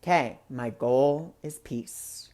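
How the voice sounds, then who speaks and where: A woman's voice: very deep voice, slow pace, warm tone. A woman hosting a spiritual discussion, telling a personal story in a chatty way with many fillers. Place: live online broadcast.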